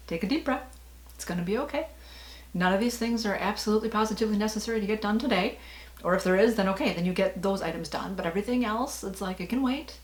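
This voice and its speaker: A woman's voice: medium pitch, roomy sound. A middle-aged woman vlogging in a casual, rambling way, with many fillers and small laughs. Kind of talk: casual personal vlog talk.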